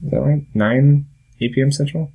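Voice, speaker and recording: A man's voice: a little high, fairly even intonation, moderate pace, vocal fry, mellow, husky. A young American man hosting a casual talk vlog, rambling and interrupting himself with little laughs. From United States. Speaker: vlog host.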